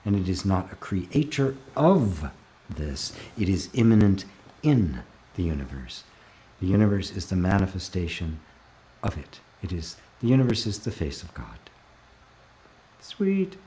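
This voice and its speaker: Male spiritual teacher, deeper voice, calm live Q&A host reading comments, gentle laughs. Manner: calm, reflective, often slows to stress a word.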